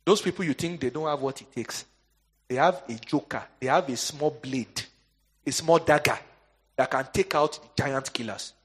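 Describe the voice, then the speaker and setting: A man preaches a sermon in a husky, medium-pitched voice at a normal pace. He alternates soaring, emphatic lines with quiet asides and leaves questions hanging for the congregation to answer.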